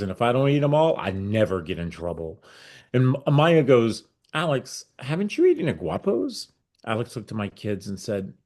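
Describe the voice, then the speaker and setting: A middle-aged man, a guest on an interview podcast, telling his story with lively acted-out dialogue. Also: mid-range voice. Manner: animated storyteller acting out quoted dialogue. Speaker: guest, nonprofit founder.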